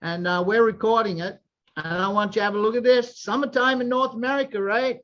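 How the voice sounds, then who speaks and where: A man in his sixties hosting a group video call, giving an energetic sales pitch and often asking "right?". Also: fairly quick. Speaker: host of a sales presentation call. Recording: dull lo-fi video call audio.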